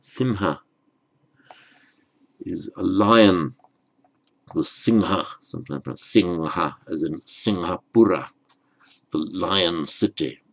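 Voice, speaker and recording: Slow, gravelly-voiced man teaching grammar. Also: low-pitched, rough recording. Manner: patient, spells out words and rules. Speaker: Sanskrit teacher.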